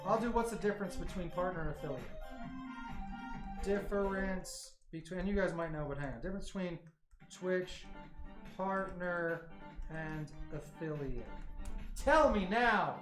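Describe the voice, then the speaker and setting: A man hosting a livestream, rambling excitably as he chats with his viewers. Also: high voice, normal speed. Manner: excitable, rambling, talks to chat. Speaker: livestream host. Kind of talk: casual livestream chat. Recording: roomy echo, faint music.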